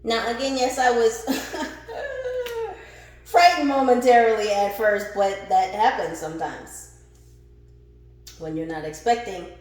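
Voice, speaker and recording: A woman giving a casual spiritual tarot reading, animated and laughing, who swears freely and calls her viewers the collective. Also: mid-range voice, normal speed. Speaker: tarot reader. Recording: very echoey room.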